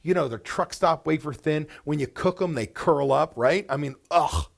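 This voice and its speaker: A man presenting a business webinar to restaurant owners, blunt and animated, firing off rhetorical questions. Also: a little high, normal speed, vocal fry.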